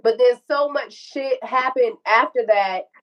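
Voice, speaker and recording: A woman's voice: a little high, a little slow, dull audio. A woman telling an emotional personal story, acting out dialogue and swearing freely. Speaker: guest telling her story.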